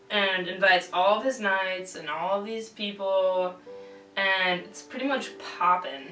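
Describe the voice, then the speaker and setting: A woman's voice: mid-range voice, unhurried, bright, forceful tone, far from the mic. A young woman retelling an old tale in slangy, rambling casual chat, full of fillers and restarts. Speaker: drunk storyteller. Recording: roomy, from off-mic, faint music.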